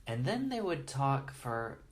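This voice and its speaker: A man's voice: mid-range voice, sing-song, slow pace, a little hiss or hum. A man in an interview earnestly and reverently telling stories, often restarting his sentences as he goes. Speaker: interview guest. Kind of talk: storytelling in conversation.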